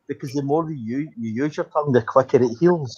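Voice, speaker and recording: A man talks through his points plainly on a casual livestream. His voice is husky and mid-pitched. The sound is dull and lo-fi. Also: brisk, dark tone.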